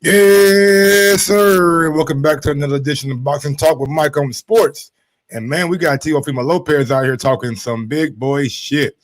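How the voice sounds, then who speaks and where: A man's voice: on the high side, moderate pace, low-quality recording. A man hosting a sports talk show, commenting in a loose, fired-up way with plenty of swearing, often repeating words as he gets worked up.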